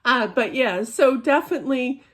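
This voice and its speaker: A woman's voice: high-pitched, expressive, moderate pace. A middle-aged woman giving a casual spiritual reading, chatty and rambling, full of fillers and restarts. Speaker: psychic reader.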